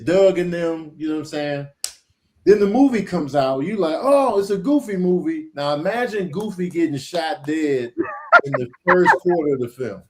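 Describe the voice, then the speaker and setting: A man on a casual podcast panel, telling stories with energy and acting out what people said. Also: on the high side. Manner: animated storyteller, acts out what people said.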